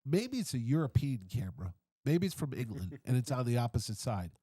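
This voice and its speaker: Animated man telling a story. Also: mid-range voice, brisk, slightly rough, no room sound. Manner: animated, acts out everyone's voices. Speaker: comic convention founder, podcast guest. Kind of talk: casual storytelling in a podcast interview.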